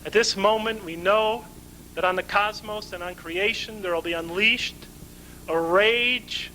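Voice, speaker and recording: A male lecturer with a high, bright, forceful voice, who poses questions to his audience and answers them himself. His delivery is lively and builds through emphatic lists. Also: unhurried, slight background noise, rough recording. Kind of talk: conference lecture.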